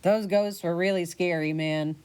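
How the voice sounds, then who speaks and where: A woman's voice: lowish voice, steady tone, a little slow, a little mellow, clean tone, lightly acted. A woman voicing a doubtful young male inn worker who fled the ghosts. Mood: skeptical. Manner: doubtful, offhand.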